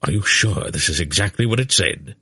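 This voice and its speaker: A man reading the part of an aged, gruff sorcerer who is a grandfather, speaking warily and proudly. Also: low voice, animated, brisk, pushed and bright, dry recording, studio quality, heavily acted. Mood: astonished. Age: older.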